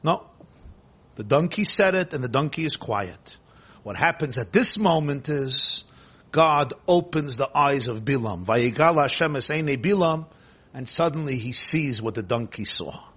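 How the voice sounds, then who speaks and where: Slow husky-voiced man teaching scripture. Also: mid-range voice, lively intonation, fairly bright tone. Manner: emphatic, repetitive, quotes and translates Hebrew text. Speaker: teacher of a Torah class. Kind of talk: scriptural teaching with dramatic retelling.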